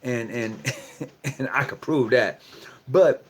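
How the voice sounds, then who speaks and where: A man's voice: mid-range voice, slow pace, breathy edge. A man giving a casual talk to fellow lodge members, repeating himself and asking rhetorical questions. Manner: conversational and preachy, repeats phrases, asks rhetorical questions. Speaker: lodge speaker addressing fellow Masons. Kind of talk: casual lecture, livestream talk.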